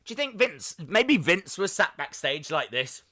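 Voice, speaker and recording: Bright, jokey man on a livestream. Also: a little high, unhurried. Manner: animated, jokey, frequent laughs and mock voices. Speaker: livestream host. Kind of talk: live reaction stream chat.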